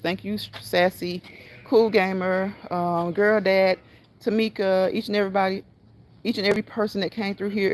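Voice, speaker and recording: A woman's voice: lowish voice, slight background noise. A woman hosting a live stream, chatting casually, repeating her phrases and encouraging her viewers. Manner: repetitive, encouraging, laughs at own phrases. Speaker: livestream host.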